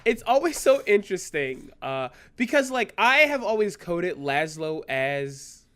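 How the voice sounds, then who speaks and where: A woman co-hosting a podcast, chatting casually in an animated, joking way and swearing freely. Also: on the low side, a little slow. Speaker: podcast co-host. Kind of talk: casual chat. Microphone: podcast microphone.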